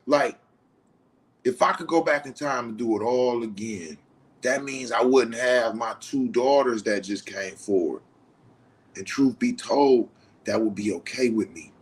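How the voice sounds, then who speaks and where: A middle-aged man in an emotional confessional monologue, blunt and full of swearing, swinging from loud outbursts to low muttering. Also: unhurried. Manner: profane, heated and blunt. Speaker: host.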